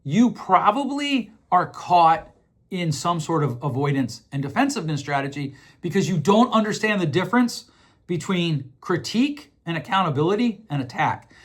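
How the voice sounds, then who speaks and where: Very animated and high-pitched, this middle-aged podcast host talks at a moderate pace. He lays out ideas in a casual, conversational style, repeating words while he thinks and performing quoted voices.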